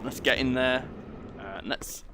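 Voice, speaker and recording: A man's voice: medium pitch, measured pace, background noise. A man giving casual, rambling commentary as he plays through a game and reads its text aloud. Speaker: let's play gamer.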